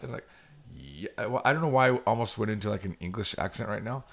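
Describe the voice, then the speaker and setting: A middle-aged man co-hosting a podcast, telling an animated story in casual chat and mimicking high voices when he quotes people. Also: quick pace, gravelly. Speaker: podcast co-host.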